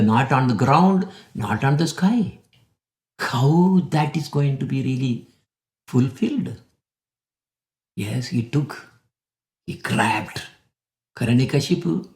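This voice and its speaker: A man giving a devotional sermon, telling the story dramatically and with lots of animation. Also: mid-range voice. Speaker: spiritual speaker. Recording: echoey room.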